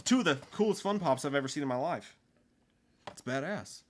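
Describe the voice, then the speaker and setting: A man's voice: fairly high pitch, animated, a little fast, a little hiss or hum. A man co-hosting a casual live stream, laid-back, swearing casually and thanking viewers. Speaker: co-host.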